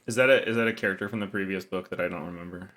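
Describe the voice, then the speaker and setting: Bright-voiced man podcast guest. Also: low voice, very fast. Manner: dry, jokey, mock-formal asides. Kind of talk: casual chat.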